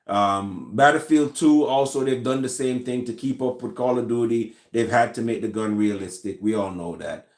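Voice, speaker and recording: A man from Jamaica with a Jamaican accent, hosting a casual chat and answering viewer comments in a relaxed, rambling way with many fillers and restarts. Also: medium pitch, moderate pace, few pauses, echoey room. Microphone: recorded in a room with his gun collection.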